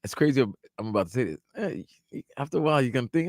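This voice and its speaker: A man's voice: mid-range voice, animated, very fast, a little mellow, no echo, clean studio sound. A man co-hosting sports talk radio, chatting casually with his partner.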